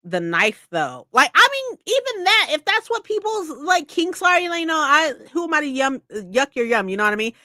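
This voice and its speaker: Animated, foul-mouthed woman ranting. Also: high voice, normal speed, few pauses, dry recording, studio quality. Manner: laughs often. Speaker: book club streamer. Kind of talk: casual live-stream book chat.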